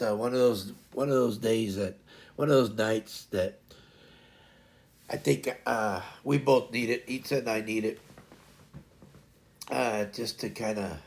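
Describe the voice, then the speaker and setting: A male streamer host with a fairly low, gravelly, darkish voice chats casually through a funny story. It comes out rambling and filler-heavy as he searches for words and keeps laughing.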